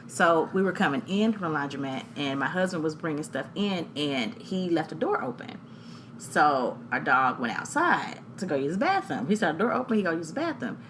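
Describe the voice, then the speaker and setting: A woman, co-hosting a podcast and telling a story, animated and laughing, acting out voices. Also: deep voice, moderate pace, a little hiss or hum. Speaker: podcast co-host. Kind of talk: casual storytelling chat.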